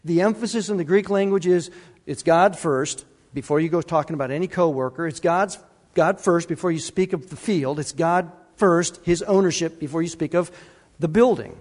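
A man's voice: fairly high pitch, normal speed, darkish tone. A male pastor preaching a sermon, emphatic and repetitive, putting questions to the congregation. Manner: emphatic, repeats key words, asks the congregation questions. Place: church sanctuary. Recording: long reverb of a church hall.

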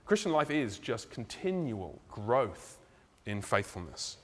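Animated man preaching in a hall. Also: mid-range voice, slow pace. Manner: animated, conversational with laughs and asides. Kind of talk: sermon. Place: church. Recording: reverberant hall.

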